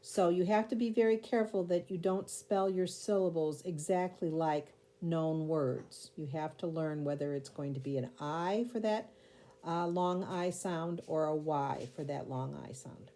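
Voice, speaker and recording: A woman's voice: deep voice, unhurried, warm tone. A woman teacher giving a spelling lesson, patiently sounding out words and spelling them letter by letter.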